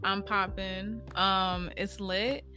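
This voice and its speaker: Breathless young woman podcaster, exuberant and slangy, bright voice, unhurried delivery. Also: medium pitch, faint music behind. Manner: energetic, exuberant, slangy, laughs often. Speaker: podcast host and spiritual healer. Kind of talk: casual solo podcast monologue.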